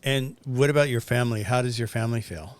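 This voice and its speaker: Male host, mid-pitched, smooth and clear, relaxed conversational chat. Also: fast, no echo. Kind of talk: casual interview chat.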